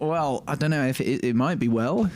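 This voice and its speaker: A man hosting a casual comedy podcast, halting and giggly as he tries to keep the chat on track. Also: mid-range voice, background noise. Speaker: podcast host.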